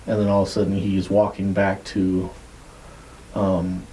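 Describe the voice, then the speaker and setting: Podcast guy telling a story, kinda low, mellow voice, rambly and laid-back with a faint hiss behind. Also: flat delivery, a little slow, poor audio. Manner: loose, rambling retelling with frequent "like" and swearing. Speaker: podcast host. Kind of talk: casual storytelling.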